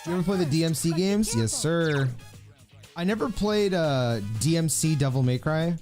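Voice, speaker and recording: With a fairly high, darkish voice and lively intonation, a young man from the Philippines chats with viewers at a moderate pace while gaming on stream, faint music behind him. He rambles, laughs often, and fills his talk with fillers.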